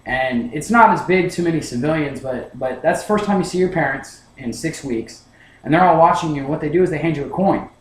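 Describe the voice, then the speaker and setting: Recorded with poor audio in an echoey room, this young man speaks a little high and fairly quickly. He is a student delivering a personal story as a class speech, restarting often with repeated words and playing the part of his younger self.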